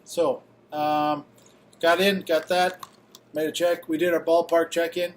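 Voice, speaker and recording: A man's voice: on the high side, level tone, a little slow, a little hiss or hum. A man chatting casually for a vlog at a baseball stadium, joking and trailing off into mumbles. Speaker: vlogger. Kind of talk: casual travel vlog chat.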